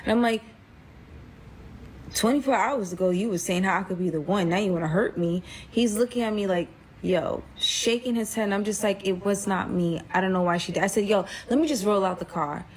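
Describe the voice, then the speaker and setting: A woman telling a personal story in a casual, animated way, acting out quotes and saying "like" a lot. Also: mid-range voice, brisk, a little hiss or hum. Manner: animated, acts out quotes, frequent "like". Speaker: storyteller guest.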